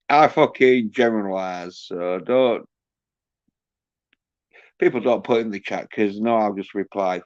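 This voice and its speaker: A man's voice: lowish voice, lively intonation, moderate pace, long pauses, no echo. A man hosting a livestream, ranting crudely and mockingly while reading out the chat. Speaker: livestream host. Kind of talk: casual livestream rant. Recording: dull lo-fi stream audio.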